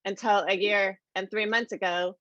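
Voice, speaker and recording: A woman around fifty giving a conference keynote, telling her story in a lively, conversational way and calling the audience "y'all.". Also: mid-range voice, moderate pace, no echo, lo-fi sound. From American Midwest. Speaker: keynote speaker. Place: conference room.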